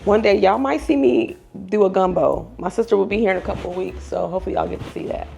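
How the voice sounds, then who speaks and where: A woman's voice: mid-range voice, fast talker, gravelly, dark tone, lo-fi sound, slight background noise. A woman, hosting a casual cooking vlog in her home kitchen, chatty and candid. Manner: chatty, candid, laughs often. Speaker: YouTube cooking channel host.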